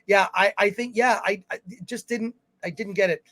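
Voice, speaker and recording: High-voiced man reading viewer comments. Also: steady tone, moderate pace, bright, forceful tone, no room sound. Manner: chatty, reads comments aloud with fillers and restarts. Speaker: film review show co-host. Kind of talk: casual livestream chat reading viewer comments.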